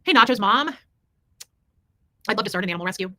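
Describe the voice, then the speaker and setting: Rapid-fire chatty woman livestreamer. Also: mid-range voice, expressive, bright, forceful tone, no room sound. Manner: rambling, emphatic, swears freely. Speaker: livestream host reading super chats. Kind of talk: casual livestream chat.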